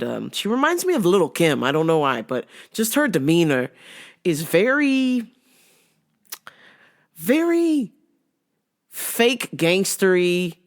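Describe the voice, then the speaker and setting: A woman hosting a podcast, telling a work story in a blunt, profane, casual comedic way. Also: deep voice. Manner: blunt, profane, laughs often. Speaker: podcast host.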